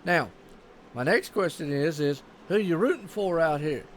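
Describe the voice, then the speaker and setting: A man's voice: fairly high pitch, lively intonation, normal speed, a little hiss or hum. A man with a Southern US accent giving casual, rambling live commentary on a sim race and chatting with viewers.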